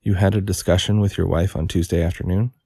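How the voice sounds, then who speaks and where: A man reading the questions of a stern, sharp coroner. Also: low voice, steady tone, quick pace, gravelly, husky, dry recording, studio quality, heavily acted.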